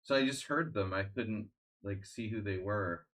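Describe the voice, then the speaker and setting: A man with a somewhat low voice talks casually to his stream viewers while he plays chess. His talk rambles, with a sardonic edge and plenty of restarts and fillers. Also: normal speed, a bit bright. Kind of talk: casual live-stream chat.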